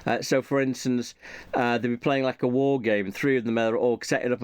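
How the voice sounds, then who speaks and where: A man's voice: mid-range voice, fairly even intonation, moderate pace, clear, resonant tone, no echo, clean studio sound. A man talking casually and off the cuff, rambling and thinking aloud, often muttering repeated asides to himself. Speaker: YouTuber reviewing his subscriptions.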